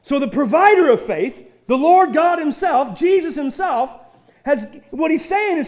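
An unhurried pastor, his voice strikingly high, gives a spirited sermon in which he often stumbles on repeated words. He then drives each point home with a sudden burst of loudness.

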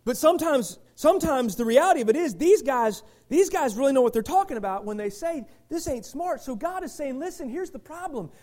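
Brief: middle-aged male pastor, high lively voice, fiery sermon with chatty asides. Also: brisk, few pauses. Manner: animated preaching, swings from shouting to quiet asides with the congregation.

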